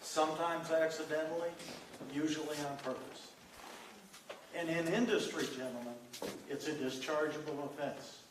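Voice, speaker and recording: A board member gives a brief, matter-of-fact comment during a meeting. His voice sits a little high. He is picked up from a distance in an echoey room with steady noise. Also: normal speed.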